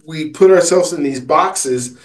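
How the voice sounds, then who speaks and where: A man's voice: fairly high pitch, measured pace, far from the mic. A man, an author and coach, telling a long story in an interview, with many fillers and restarts. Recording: roomy, from off the mic.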